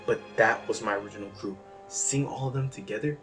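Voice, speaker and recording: A young man with a fairly low voice rambles through a casual personal monologue. He mocks himself and swings from quiet, subdued talk to sudden loud bursts. Music plays clearly behind him. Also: brisk, few pauses, far from the mic. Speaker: vlogger. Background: background music.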